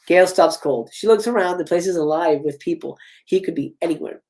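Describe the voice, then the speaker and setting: A man hosting a live script reading, reading stage directions and breaking off for chatty, animated asides. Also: fairly high pitch, brisk, few pauses. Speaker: host.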